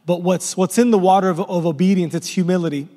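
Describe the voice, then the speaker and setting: In a large hall full of long reverb and faint music, a pastor delivers a fervent sermon, repeating words as he builds to rising crescendos. He talks fast in a high-pitched, warm voice whose tone stays steady.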